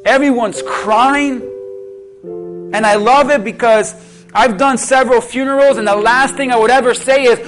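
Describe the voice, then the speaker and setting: A man preaching a sermon as pastor, calling out to the congregation and bringing them to a quiet prayer. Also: extremely high pitch, moderate pace. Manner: preaching with call-and-response, from shouted peaks to a hushed altar call. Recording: music playing under the voice.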